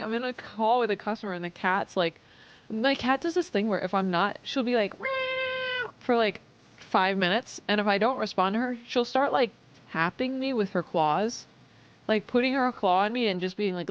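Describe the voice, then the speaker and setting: A woman's voice: medium pitch, clean tone, lo-fi sound. A woman streaming live, chatting casually with viewers, reading chat aloud and swearing as she acts out customers.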